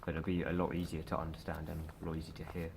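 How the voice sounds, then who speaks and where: A man drama student with a deep voice who has trouble saying R's, talking earnestly in a group. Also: completely flat delivery, very fast, gravelly, background noise.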